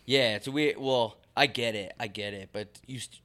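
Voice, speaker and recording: A man co-hosting a casual podcast, ranting loudly and swinging his voice up and down as he jokes. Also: normal speed. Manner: loud, animated ranting with big pitch jumps. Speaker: podcast co-host.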